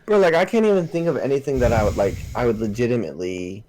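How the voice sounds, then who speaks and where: A man's voice: mid-range voice, animated, quick pace, darkish tone, a little hiss or hum, rough recording. Laid-back young man telling a story. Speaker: podcast co-host. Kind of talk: casual chat.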